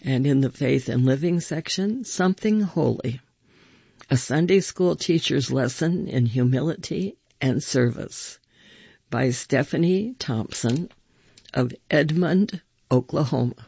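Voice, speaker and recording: A man reading first-person stories aloud with measured, expressive storytelling. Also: medium pitch, gravelly, husky, no room sound, muffled recording.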